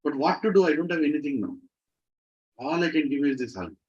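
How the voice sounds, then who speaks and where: A man's voice: on the high side, sing-song, fast talker, darkish tone. A man voicing a tender exiled divine prince. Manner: tender and humble. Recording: slightly muffled recording.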